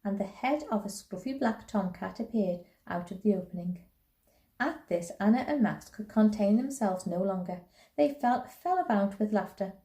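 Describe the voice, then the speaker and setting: A woman, a primary school teacher, reading a children's novel aloud in a gentle, unhurried way. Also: medium pitch, lively intonation. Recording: roomy echo.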